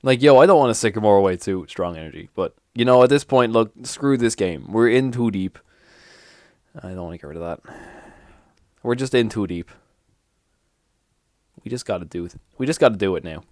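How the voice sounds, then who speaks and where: A young man giving casual, animated commentary as he plays a card game on his channel, swearing and mocking himself. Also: on the low side, fairly quick, pauses often, dry recording, clean studio sound. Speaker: gaming YouTuber.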